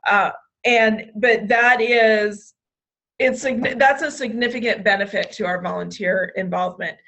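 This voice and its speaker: A woman's voice: a little high, fairly bright tone. A woman presenting a staff training session, restarting phrases often, with hiccups now and then. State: has hiccups. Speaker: state program trainer.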